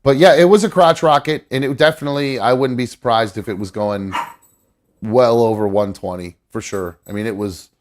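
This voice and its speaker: A man's voice: mid-range voice, brisk, slight background noise. Casual swearing male show host. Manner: rambling, swears casually, coos at his dog. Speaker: podcast host. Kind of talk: casual live-stream chat.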